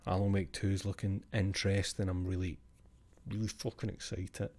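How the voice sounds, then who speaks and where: A man's voice: low voice, flat delivery, normal speed, darkish tone. A male streamer chatting casually after a live show, rambling, sweary and self-mocking.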